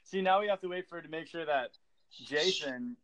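A man's voice: a little high, fairly quick, a bit bright. An American man hosting a podcast, chatting in a laid-back, rambling way and laughing easily. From United States. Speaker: podcast host. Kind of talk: casual chat.

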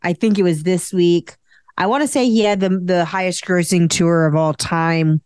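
On a podcast she co-hosts, a woman talks at a moderate pace in a low, slightly mellow voice that's clear and resonant, with fairly even intonation. Her casual chat rambles and is full of fillers, captured in dry, clean studio sound.

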